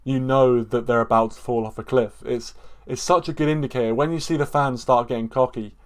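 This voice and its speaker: A man's voice: medium pitch, fairly even intonation, a little fast. A man from England co-hosting a casual football stream, stammering on restarts, calling people mate and repeating his points. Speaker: football podcast co-host. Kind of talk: casual live-stream chat.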